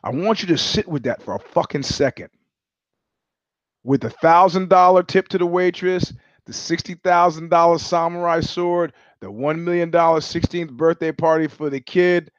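Fairly high-pitched and fairly even in intonation, this male show host speaks at normal speed through a monologue of stories. He's sardonic and foul-mouthed, imitating others as he recounts anecdotes, and the lo-fi recording is dry, slightly dull and echo-free.

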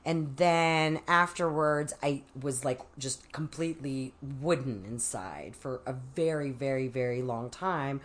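A woman's voice: extremely low pitch, a little slow, hardly any pauses. A woman guest in a candid interview, speaking frankly and filling her talk with "like". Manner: frank, heavy use of "like", acts out quoted voices. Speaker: podcast guest, author.

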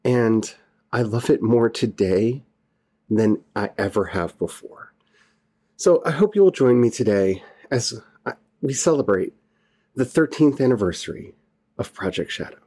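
A man with a warm, mellow voice talks through a solo podcast. He speaks earnestly and with feeling, circling back to repeat his phrases and restarting as he goes. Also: fairly low pitch, lively intonation, measured pace. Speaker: podcast host. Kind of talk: heartfelt solo podcast monologue.

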